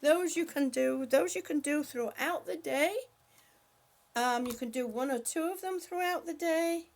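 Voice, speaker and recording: An older woman hosting a casual livestream, calling out gentle stretches and chatting with viewers as she reads their comments aloud. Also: sits high, measured pace. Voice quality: breathy at times. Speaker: livestream host leading stretches. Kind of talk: casual livestream chat and exercise cues.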